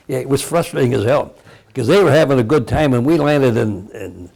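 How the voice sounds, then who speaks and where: A man's voice: medium pitch, lively intonation, normal speed, vocal fry, darkish tone. A man in his eighties from Cleveland, Ohio, a veteran telling his story in an oral history interview, rambling and chuckling often. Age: 80s.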